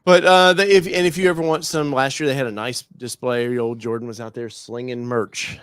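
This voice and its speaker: A man's voice: medium pitch, fairly even intonation, fairly quick, smooth, no room sound, studio quality. Laid-back joking man on a podcast. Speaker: podcast co-host. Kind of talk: casual chat.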